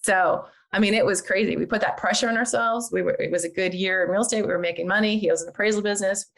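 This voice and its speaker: An older woman chatting as a podcast guest, animated and chatty, with frequent fillers. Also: mid-range voice, fast talker, vocal fry. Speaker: guest, real estate agent and investor. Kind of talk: casual podcast interview.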